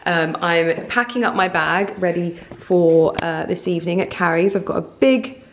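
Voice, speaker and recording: A woman's voice: fairly low pitch, normal speed, a little hiss or hum. Bubbly woman unboxing at home. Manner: gushing, bubbly, excitable. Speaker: lifestyle vlogger. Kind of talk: casual unboxing vlog. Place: home, indoors. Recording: roomy home recording.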